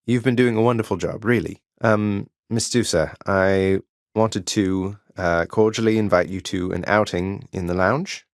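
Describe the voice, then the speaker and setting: An actor playing an earnest, wry young prince of the underworld in a video game, polite with dry teasing, recorded in a studio booth. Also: male voice, lowish voice, fairly even intonation, a little slow, dry recording.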